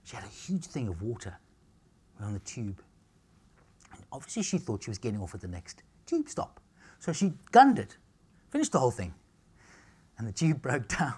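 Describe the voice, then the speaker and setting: A man's voice: medium pitch, moderate pace, pauses often, slightly rough. A middle-aged man, giving a cheeky, joking lecture on nutrition to a live audience. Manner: cheeky, jokey, animated storytelling.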